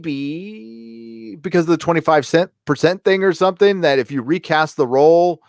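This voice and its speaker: A man's voice: a little high, normal speed, creaky, clean tone, no room sound, clean studio sound. A man co-hosting a casual live-stream chat, rambling with hesitations and blunt, profane opinions. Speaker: co-host.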